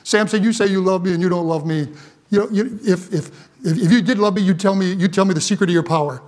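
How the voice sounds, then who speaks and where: A male preacher voicing Delilah, a nagging woman pleading in a whiny, halting voice. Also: high-pitched, a little mellow, pitched below the performer's own voice, natural voice.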